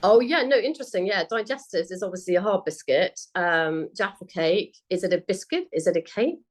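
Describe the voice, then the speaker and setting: Chatty woman, slightly low voice. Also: expressive, fairly quick. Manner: chatty, with frequent ums and self-corrections. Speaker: research guest. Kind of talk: conversational interview.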